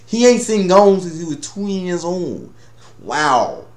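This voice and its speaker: Animated profane man reviewing an episode. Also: high-pitched, slow, echoey room. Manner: profane, rambling, acts out characters' lines. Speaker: anime reviewer.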